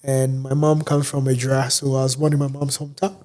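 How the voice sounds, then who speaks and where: A man from Ghana, a guest in a casual interview, explaining things unhurriedly with many fillers and pauses. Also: mid-range voice, flat delivery, darkish tone.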